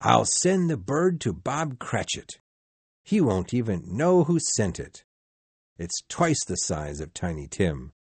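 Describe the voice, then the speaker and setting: Guy putting on a giddy old miser for a storybook, husky, shouty and thrilled, swoops up and down. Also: on the low side, big pitch swings, slow pace, dry recording, exaggerated voice. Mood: eager. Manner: laughing, exclaiming, overjoyed. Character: giddy elderly reformed male miser.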